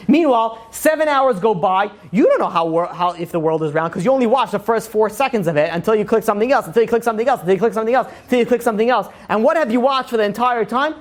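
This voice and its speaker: A man, a rabbi, giving a casual, joking Torah lecture to a live class, talking fast and animatedly with lots of "you know". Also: high voice, expressive.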